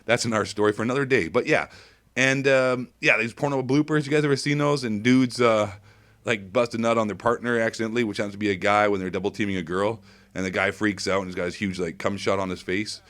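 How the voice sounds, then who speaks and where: A man giving crude, comedic gameplay commentary, hyper and swinging between squeaky highs and low mutters. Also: steady tone, fast, a bit bright.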